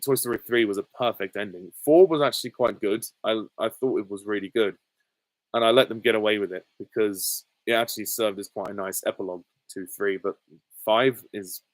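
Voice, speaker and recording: A man in his twenties answering viewer questions in a casual live Q&A, easygoing and hesitant with frequent ums and soft laughs. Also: on the low side, brisk, no room sound, poor audio. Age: 20s. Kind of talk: casual live Q&A reading chat comments.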